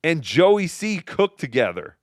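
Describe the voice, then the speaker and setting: A man's voice: a little high, very animated, measured pace, dry recording, clean studio sound. A man co-hosting a podcast, talking in sarcastic, mocking casual banter. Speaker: podcast co-host.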